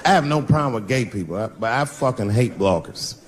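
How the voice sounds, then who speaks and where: A man doing stand-up comedy, telling stories in an animated, profane way. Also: medium pitch, fairly quick, background noise.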